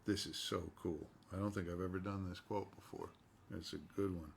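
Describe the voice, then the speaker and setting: A man's voice: low-pitched, steady tone, a little fast, creaky, slight background noise. A male voice actor chatting casually while signing autographs and talking to himself as he works.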